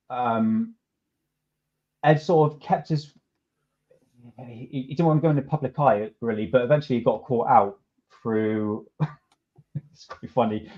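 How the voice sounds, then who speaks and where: A man's voice: mid-range voice, measured pace, long pauses, mellow. A man hosting a podcast in a casual, laid-back way, chuckling and restarting sentences often. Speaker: podcast host. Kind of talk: casual chat. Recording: dull lo-fi sound.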